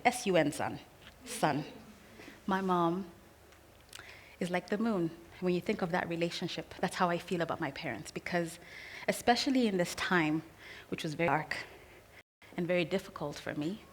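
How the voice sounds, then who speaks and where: A woman telling a personal family story in an earnest, expressive way, with pauses. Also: fairly low pitch, slight background noise.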